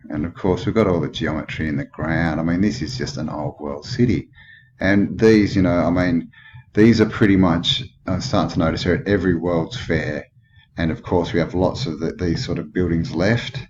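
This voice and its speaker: Australian male host, low voice, skeptical thinking-aloud commentary, muffled lo-fi track with audible hiss. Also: steady tone, moderate pace. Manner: musing, skeptical, thinks aloud with many questions. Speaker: channel host. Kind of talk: rambling commentary over old photos. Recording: dull lo-fi with clear background noise.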